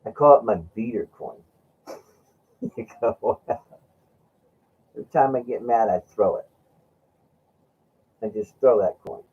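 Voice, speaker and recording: The host's voice sits on the low side and is slightly rough, moving at a measured pace with frequent pauses. He tells meandering stories with laughs and plays out his friend's words in a casual chat captured with dull lo-fi sound.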